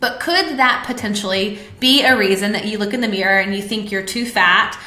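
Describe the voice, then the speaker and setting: Slightly fast and mid-range, the woman's voice comes across bright and forceful, echoing in the room. A podcast host on a webcam or phone live stream, she speaks candidly and confessionally to her viewers, filling her talk with fillers.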